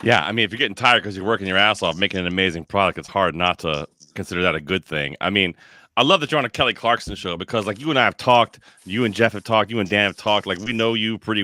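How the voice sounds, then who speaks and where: A man's voice: fairly low pitch, fast, dry recording. A man hosting a podcast, chatting enthusiastically and encouragingly in a rambling way. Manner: warm-hearted, rambling, encouraging. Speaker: podcast host. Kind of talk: enthusiastic interview chat.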